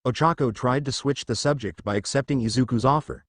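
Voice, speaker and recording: A man's voice: mid-range voice, fairly quick, no room sound, clean studio sound. A man narrating a fan fiction story in a plain storytelling manner.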